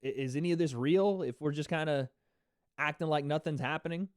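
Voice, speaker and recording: A man's voice: on the high side, a little fast, a little mellow, no echo, studio quality. Rambling man hosting a reaction livestream. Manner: rambling, loose, laughing, casual swearing. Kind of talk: casual livestream reaction commentary.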